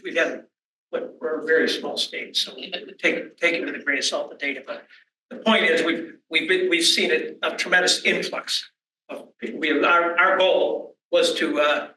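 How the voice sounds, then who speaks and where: Panelist, male, bright and high-ish, halting delivery, distant echoey room. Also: a little hiss or hum. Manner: halting, many restarts. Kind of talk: panel discussion.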